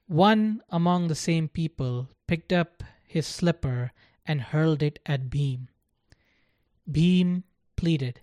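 A narrator reading a story aloud in a slow, deliberate scripted style. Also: medium pitch, a little mellow, dry recording, clean studio sound.

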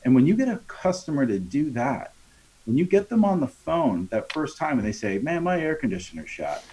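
Very animated and warm, this man's husky, medium-pitched voice moves at a moderate pace. Interviewed on a conversational podcast, he trains contractors on sales in a coaching tone, acts out customer dialogues, and often adds "right?".

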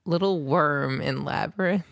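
A woman's voice: deep voice, measured pace, gravelly, no room sound, studio quality. A woman co-hosting a podcast in casual chat, teasing and blunt, laughing often. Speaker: podcast co-host.

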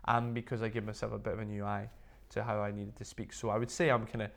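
A man being interviewed as a guest, telling stories in a lively way and filling his speech with "like". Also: lowish voice, fast, vocal fry. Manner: animated storytelling, full of "like" fillers. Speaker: interview guest, business owner. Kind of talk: casual interview chat.

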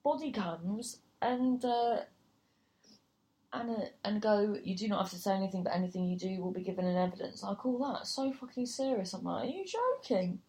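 Telling a gig story in a relaxed way, a woman comedian and compere swears without restraint and performs other people's voices. She has a mid-range voice with a dark tone and talks at a moderate pace.

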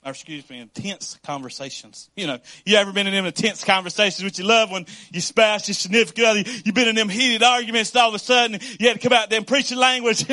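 A man's voice: high voice, quick pace, few pauses, sharp tone. A middle-aged male pastor preaching a sermon, telling stories about his marriage with laughs and acted-out quotes.

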